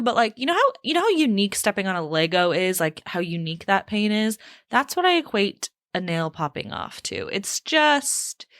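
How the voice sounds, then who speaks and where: A young woman hosting a casual solo podcast from a small home studio, talking in a chatty, animated way. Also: medium pitch, dry recording. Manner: chatty and animated, with big swoops up for quoted voices. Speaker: podcast host.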